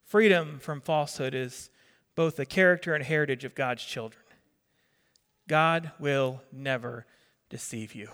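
The long reverb of a hall carries the unhurried, mid-range voice of a middle-aged pastor from New Jersey. His voice is a bit bright. He delivers a conversational sermon, repeating himself and quizzing his congregation.

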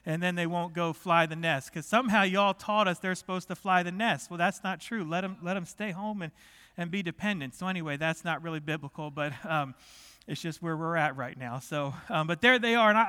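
Preaching in a big church sanctuary, the middle-aged pastor talks to his congregation in a relaxed, joking way. His voice sits high, pushed and bright, yet clear and resonant, with long reverb from the hall.

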